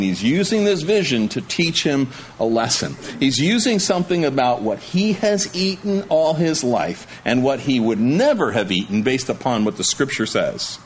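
A man preaches at an ordinary middle pitch, moving from reading scripture aloud to loose, joking explanation aimed at his congregation. His delivery is folksy and conversational, full of quick asides. A faint hiss of noise sits under the recording. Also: big pitch swings. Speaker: pastor.

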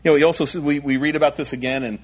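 A man's voice: fairly high pitch, steady tone, racing. A male pastor preaching a sermon in an emphatic way, often repeating himself and adding asides.

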